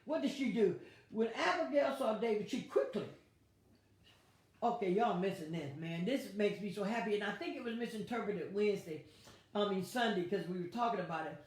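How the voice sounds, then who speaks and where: A woman pastor, teaching a lively Bible study with playful asides and acted-out quotes. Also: mid-range voice, moderate pace. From United States. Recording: very echoey room.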